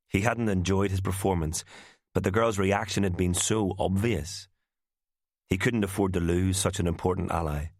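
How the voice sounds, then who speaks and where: A man narrating a thriller audiobook in a measured storytelling manner. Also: low-pitched, no room sound, studio quality.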